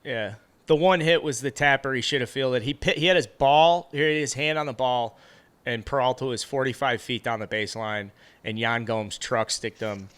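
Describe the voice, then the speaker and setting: A man co-hosting a casual sports podcast, a rambling storyteller with animated asides. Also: mid-range voice, normal speed, smooth. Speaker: podcast co-host.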